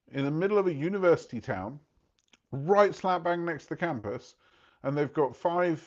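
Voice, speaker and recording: Chatty guy talking to camera, relaxed asides, medium voice, kinda muffled lo-fi audio. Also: mid-range voice. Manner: chatty storyteller, many asides. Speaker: host. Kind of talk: casual talk to camera.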